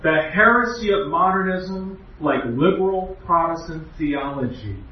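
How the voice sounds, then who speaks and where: A man's voice: on the high side, slight background noise. Distant man preaching in an echoey chapel. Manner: earnest, emphatic teaching with rhetorical questions. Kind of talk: doctrinal lecture. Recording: echoey hall, distant, muffled.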